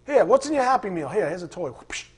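A man preacher mimicking a distracted mother who brushes off her child while she scrolls her phone, in a hurried, dismissive way. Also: high voice, sing-song, husky, heavily acted.

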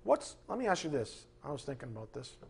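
A middle-aged man preaching with a husky voice, firing off rhetorical questions and swinging from loud outbursts to hushed asides. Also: mid-range voice, big pitch swings, fast. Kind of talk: sermon.

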